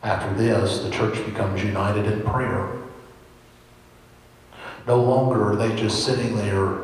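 A man's voice: fairly low pitch, slow, long pauses, distant mic. A man preaching an earnest sermon as pastor, building up to emphatic peaks. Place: large echoey church hall. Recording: echoey hall with faint hiss.

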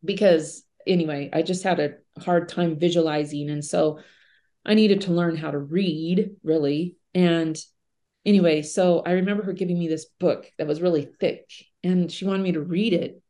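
A woman's voice: fairly low pitch, fairly even intonation, moderate pace, dark tone. A middle-aged woman, a podcast guest, telling personal stories in an earnest, conversational way with casual fillers. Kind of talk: reflective personal storytelling.

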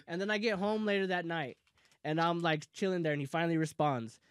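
A young man casually telling a heated story among friends, profane and animated, often laughing. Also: fairly high pitch, brisk, smooth, dry recording.

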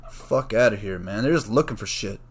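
A man with a lowish, husky voice talks briskly and with lively intonation in a casual solo monologue. He's a student who rambles, swears freely, and keeps drifting into jokey asides.

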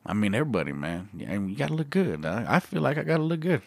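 A man's voice: medium pitch, very animated, fast, creaky, dry recording. Dude in his 40s, comedian guest, cussing and laughing all loose, dry close sound. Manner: loose, profane, laughs often. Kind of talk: casual podcast interview.

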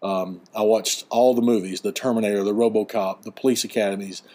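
A man's voice: on the low side, fairly even intonation, brisk, a little mellow. Laid-back guy in his 40s hosting a podcast, chatty, chuckles a lot. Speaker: podcast host. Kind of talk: casual chat. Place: beach vacation home.

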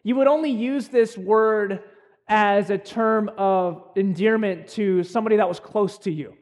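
A young male pastor delivers a sermon in a high-pitched voice. He talks in an earnest, conversational way, pausing and restarting as he goes. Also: darkish tone. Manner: earnest, conversational preaching with many pauses and restarts.

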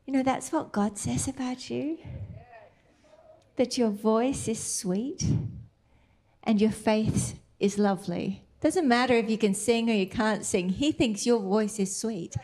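Middle-aged woman preacher: slow, gentle, emphatic delivery; light, higher voice. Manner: slow, tender and emphatic, dropping into soft whispered asides. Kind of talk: sermon.

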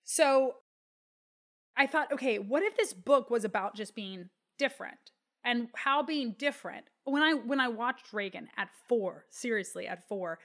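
A woman in her thirties with a Texan accent, talking earnestly and from the heart as a guest on an interview. Her voice sits a little high, and her story moves along with plenty of "you know" and "like.". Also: expressive, a little slow, fairly bright tone. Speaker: guest, children's book author. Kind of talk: conversational interview.

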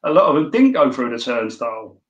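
A man's voice: mid-range voice, very animated, a little fast. Older London-accented man as interview guest, chatty storyteller, echoey room. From London, England. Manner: rambling, anecdotal, many restarts. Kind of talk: casual storytelling.

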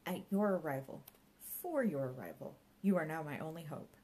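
Woman doing a bossy pompous ranger guy, grand theatrical talk, low voice. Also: animated, moderate pace, warm tone, rough recording. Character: gruff middle-aged male park ranger, pompous martial arts mentor. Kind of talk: audiobook character voice.

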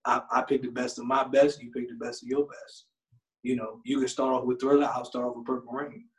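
A man putting on a low, smooth, seductive voice to impersonate a famous male singer. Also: little pitch movement, lightly acted, rough recording. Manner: low, slow crooning drawl.

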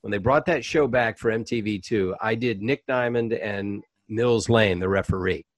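A middle-aged man, a voice actor and comedian, telling anecdotes in a relaxed podcast interview with lots of ums and restarts. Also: on the low side, normal speed, dry recording. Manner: animated, chatty anecdotes with frequent fillers. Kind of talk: casual interview storytelling.

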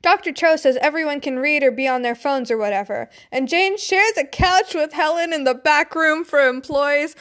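A woman's voice: high-pitched, normal speed, hardly any pauses, fairly bright tone. A young woman casually reading a story aloud, breaking off into giggly, swearing asides. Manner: giggly, swears, chatty tangents. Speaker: fanfiction reader.

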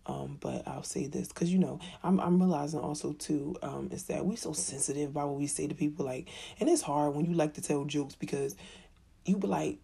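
A woman with a low, very husky voice tells stories about motherhood in loose, casual talk. Her voice is gravelly and full of fry, and she is candid, swears freely, and throws slangy asides to her listeners. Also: a little fast. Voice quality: very raspy, husky. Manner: candid, profane and animated, with slangy asides to the audience. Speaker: mom telling stories about parenting. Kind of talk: casual storytelling chat.

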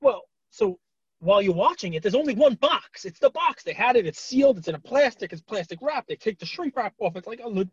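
A talkative man with a voice on the higher side, telling stories in loose casual chat full of fillers. He gets animated when he retells things. The sound is dry and a bit dull, with no room around it. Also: brisk, husky, no echo. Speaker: podcast co-host.

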